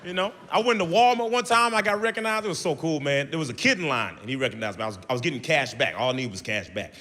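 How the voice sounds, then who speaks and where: A man doing a stand-up set on stage, animated and acting out the people in his stories. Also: a little high, quick pace. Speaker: stand-up comedian. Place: comedy stage. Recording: live venue with big reverb and crowd. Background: audience laughter and crowd noise.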